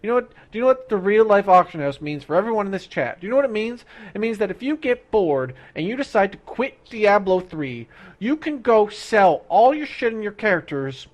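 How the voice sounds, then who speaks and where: A young man streaming, ranting about games in an excitable, profane, fast-talking way. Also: high-pitched. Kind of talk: ranting gaming stream chat.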